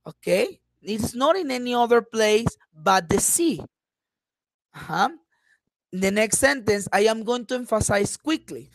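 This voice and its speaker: A woman's voice: on the high side, animated, no echo, rough recording. Woman teaching. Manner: patient, repeats words slowly, frequent "uh-huh" fillers. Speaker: English teacher. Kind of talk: online phonetics lesson.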